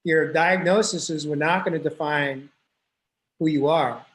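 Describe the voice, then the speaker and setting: A man hosting an interview podcast who speaks in a halting, careful way and paraphrases his guest. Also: on the high side, fairly bright tone, low-quality recording. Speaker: podcast host.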